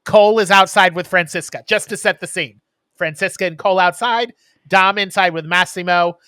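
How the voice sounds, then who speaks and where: A man with a bright, forward voice recaps a film for his podcast co-host. He rambles along with frequent ums. The sound is dry and close. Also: sits high, normal speed, clean tone, no echo. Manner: rambling storyteller with many ums. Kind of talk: casual chat, retelling a movie plot.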